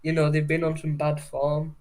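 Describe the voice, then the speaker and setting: A man's voice: on the high side, monotone, normal speed, darkish tone. A young man from England co-hosting a casual live-stream chat about football, rambling and swearing casually as he reads out viewers' names. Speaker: football podcast co-host.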